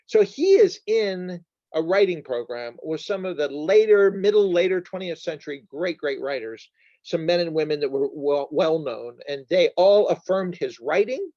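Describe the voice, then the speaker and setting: A man's voice: on the high side, animated, normal speed, dark tone, no echo, dull audio. A man giving an informal talk as a bookseller, chatty and digressive, often correcting himself mid-sentence. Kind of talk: informal lecture. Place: church.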